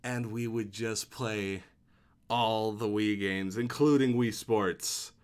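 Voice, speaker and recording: A young man co-hosting a casual gaming chat, reacting enthusiastically with drawn-out exclamations. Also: fairly low pitch, steady tone, smooth. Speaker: podcast co-host.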